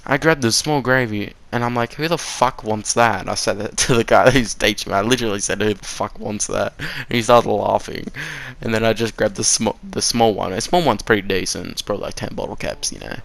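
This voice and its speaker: A man's voice: fairly low pitch, a little fast, creaky, a bit bright. A teenage boy telling a rambling, sweary story about his first work shift, laughing at his own slips. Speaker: vlogger. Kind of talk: casual story time.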